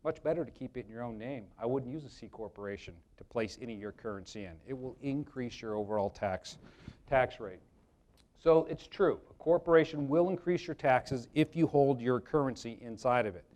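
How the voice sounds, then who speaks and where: A man's voice: mid-range voice, expressive, brisk, a little mellow. A man presenting a live workshop, talking conversationally to the audience and telling jokey anecdotes about insurance. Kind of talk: live seminar talk with anecdotes.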